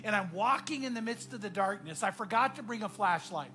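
A man preaching a sermon as pastor, telling a story earnestly and often dropping to a hushed voice. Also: high voice, lively intonation, brisk.

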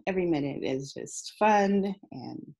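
Woman guest, low husky voice, candid and heartfelt interview storyteller. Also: lively intonation, measured pace, warm tone. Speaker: guest author.

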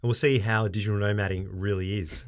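A man's voice: lowish voice, fairly even intonation, quick pace. Aussie guy on a podcast, chatty, laughs a lot, does little voices for the quotes. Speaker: podcast co-host. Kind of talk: casual chat.

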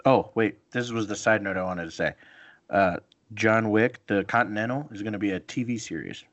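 A man's voice: on the low side, normal speed. A man co-hosting a casual podcast, joking and talking over his friends. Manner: jokey, animated, talks over others. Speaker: podcast co-host. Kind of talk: casual banter.

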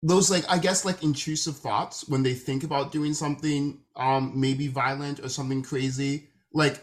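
A woman's voice: a bass voice, fairly even intonation, normal speed. A woman chatting casually as a co-host, hesitant, with many fillers. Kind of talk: casual chat.

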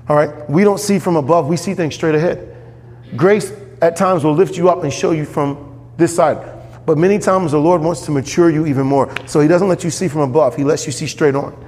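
A man preaching a sermon as pastor, animated, jumping up in pitch when he voices quoted characters. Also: long reverb tail.

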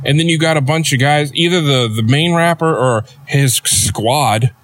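A man hosting a comedic podcast in a rambling, deadpan, sardonic monologue, recorded near a road. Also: on the high side, normal speed, dry recording. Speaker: podcast host. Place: outdoors near a road with passing trucks.

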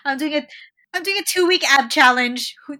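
A young woman with a bright, tense, fairly high voice chats casually on a podcast. She is sarcastic and laughs often, and talks over a remote call from home. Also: brisk. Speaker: podcast co-host. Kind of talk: casual chat.

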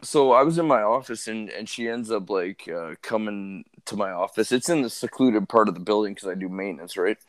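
Low-voiced laid-back podcast man. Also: a little fast, hardly any pauses. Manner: laid-back, hesitant storytelling with fillers. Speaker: podcast co-host. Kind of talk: crude casual chat.

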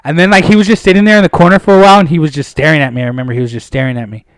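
A young man from Pasadena, California, telling profane stories in a casual, animated way as a guest. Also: fairly high pitch, rapid-fire, dry recording. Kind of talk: casual storytelling.

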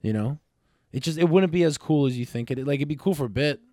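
A man co-hosting a casual podcast, bantering with lots of swearing and excitable outbursts. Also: fairly high pitch, fast, dry recording, clean studio sound. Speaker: podcast co-host. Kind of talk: casual chat.

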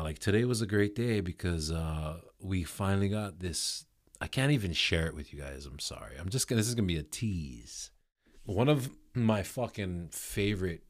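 A middle-aged man hosting a casual solo podcast, rambling loosely with lots of swearing and fillers. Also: low-pitched. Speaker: podcast host and touring musician.

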